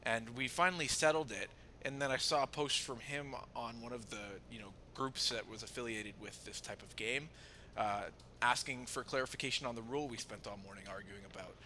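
Bright-voiced man telling a story. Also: mid-range voice, a little fast, slight background noise. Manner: animated, restarts often, swears freely. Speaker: podcast co-host. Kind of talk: casual storytelling.

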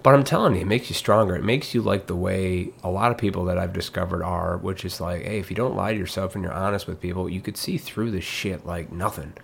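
A man's voice: deep voice, fast talker, vocal fry, few pauses, slightly rough. A man ranting bluntly in a casual monologue, swearing freely and mocking others in put-on voices. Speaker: commentator.

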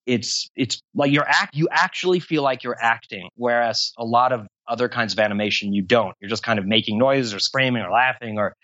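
A man interviewed about voice acting talks at length in a rambling, long-winded, self-deprecating way, casual throughout. His medium-pitched voice is a bit bright and brisk, with hardly any pauses; the recording is dry and lo-fi.

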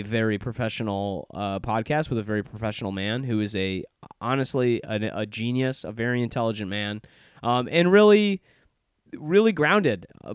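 A man's voice: medium pitch, smooth, no echo, studio quality. A young man hosting his podcast, rambling through a casual self-deprecating intro in a sardonic tone. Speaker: podcast host. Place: office in Chicago.

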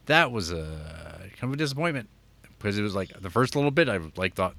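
A man's voice: on the low side, expressive, fairly quick, fairly bright tone. A man casually recapping an old film as a podcast co-host, rambling with lots of fillers.

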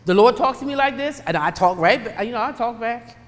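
A woman preaching a sermon, emphatic and animated, swinging between loud bursts and hushed asides. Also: fairly high pitch, fairly quick, big-room sound.

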